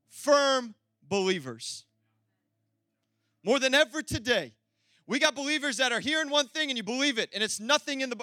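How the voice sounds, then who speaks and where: A man preaching a sermon as pastor, animated and emphatic, calling out to the congregation for an amen. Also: very high voice, no room sound, studio quality.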